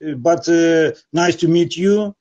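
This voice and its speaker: A man speaking as a student in an online class, talking in halting English with many fillers. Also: a little high, steady tone, a little mellow, muffled recording. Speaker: student, guitar teacher. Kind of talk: casual chat in a class.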